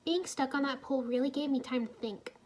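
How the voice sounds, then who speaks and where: A woman voicing a gentle, kind-hearted young heroine in a storybook reading, soft and reassuring. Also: sits high, a little fast, slight background noise, natural voice.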